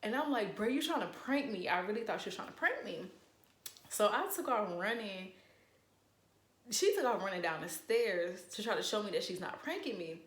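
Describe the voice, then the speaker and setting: A young woman in casual storytime chat, animated and profane, acting out what people said. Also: mid-range voice, moderate pace, roomy sound. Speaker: vlogger.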